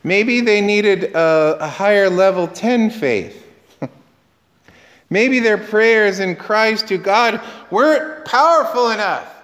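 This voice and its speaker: Male pastor, sermon, unhurried delivery, big echoing church. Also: high voice, fairly bright tone. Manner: conversational, quizzes the congregation, acts out quoted dialogue.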